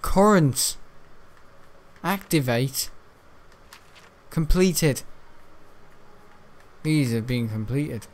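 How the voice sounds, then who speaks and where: A man's voice: medium pitch, lively intonation, very slow, long pauses. A man giving rambling, self-mocking commentary while playing a video game, often muttering to himself. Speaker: gaming video creator. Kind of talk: gameplay commentary.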